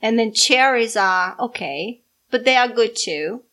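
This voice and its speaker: A woman's voice: on the high side, lively intonation, measured pace, bright, forceful tone. A Brazilian woman, a mother co-hosting a podcast, chatting casually and teasing her daughter. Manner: teasing, playful. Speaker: podcast co-host. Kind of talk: casual chat.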